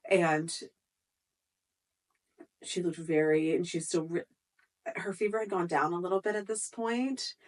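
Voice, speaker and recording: A young woman tells a personal story straight to the camera, her voice sitting a little low and heard from slightly back from the microphone. She talks in an emotional, casual way, leaning on filler words and restarting her sentences. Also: fairly even intonation, unhurried, long pauses, darkish tone, far from the mic. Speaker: mom telling a family story.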